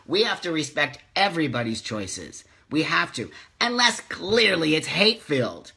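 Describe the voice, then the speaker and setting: A middle-aged man talks straight to his live-stream viewers, reading their comments and answering them. His voice is bright and forceful, and he speaks with passion and open emotion as he rants. It sounds like a webcam or phone mic at home. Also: on the high side, sing-song, normal speed, gravelly, hardly any pauses. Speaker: host of a live community video chat.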